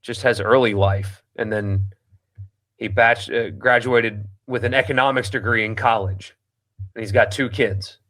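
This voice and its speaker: A man hosts a sports talk show in a somewhat low voice. He reads listener comments aloud and shoots them down bluntly, stumbling through ums and restarts as he goes. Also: steady tone, a little slow, a bit bright. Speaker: sports radio host. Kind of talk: casual chat reading listener comments.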